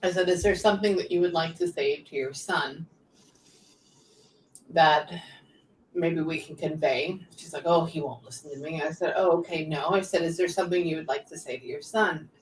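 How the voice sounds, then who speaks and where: A woman working as a psychic medium, relaying messages in quick bursts and often pausing to say "hang on" during a live reading session. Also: low-pitched. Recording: echoey room, distant mic, faint background noise.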